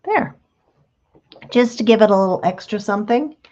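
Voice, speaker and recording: A woman's voice: medium pitch, animated, normal speed, darkish tone, lo-fi sound. A woman hosting a craft tutorial, talking patiently and chattily through each step while she works with her hands. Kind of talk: relaxed step-by-step craft demonstration.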